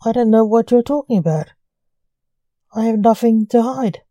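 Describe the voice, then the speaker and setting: A woman's voice: mid-range voice, measured pace, warm tone, no room sound, muffled recording, lightly acted. A woman reading the part of a famous male stage illusionist, defensive and nervous.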